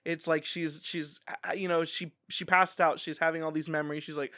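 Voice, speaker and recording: A man in his thirties recapping a book in casual, chatty commentary, animated and quick to laugh. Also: a little high, dry recording, clean studio sound. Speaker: book reviewer.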